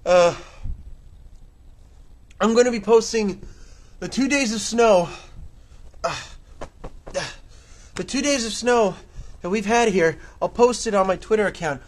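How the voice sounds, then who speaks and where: A man vlogging outdoors in a snowstorm, excitable and rambling, out of breath, talking into a handheld camera mic. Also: high voice, a little slow, long pauses.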